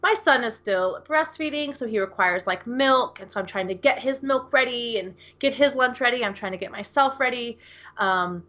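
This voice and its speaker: A woman's voice: on the high side, normal speed, pushed and bright, lo-fi sound. An American woman co-hosting a podcast, chatting casually and rambling with lots of fillers. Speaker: podcast co-host. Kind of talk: casual chat.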